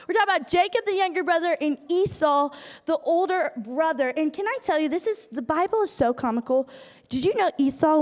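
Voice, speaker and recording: High-voiced young woman in a hall. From Iowa. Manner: animated storytelling with acted asides. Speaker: youth speaker. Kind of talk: youth group talk. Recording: hall reverb from a live room.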